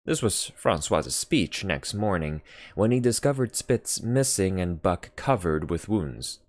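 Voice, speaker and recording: Low-voiced guy narrating an old novel, slow and expressive, very dry close mic. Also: no room sound. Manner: measured, expressive reading. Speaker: audiobook reader. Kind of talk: unhurried literary narration.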